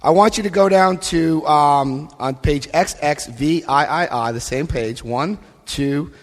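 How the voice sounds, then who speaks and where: A man giving a lively recovery talk to a live convention audience, acting out scenes and voicing quotes. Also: a little high, a little slow. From United States. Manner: animated, acts out scenes, shifts voice for quotes. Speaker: AA convention speaker. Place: convention hall. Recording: long hall reverb.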